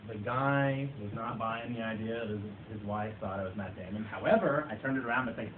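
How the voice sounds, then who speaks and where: A man's voice: medium pitch, moderate pace. A man giving a humorous club speech to a live audience. He tells playful, self-mocking stories about himself. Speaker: club speaker. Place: meeting room with an audience. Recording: tinny echoey far-off recording, noisy.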